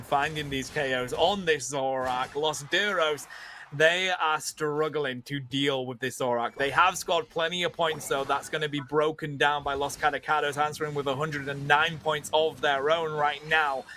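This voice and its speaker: Man, esports colour commentary, laid-back banter, bright, high. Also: slight background noise. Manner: casual chatty delivery, calls co-caster "mate" and "bro".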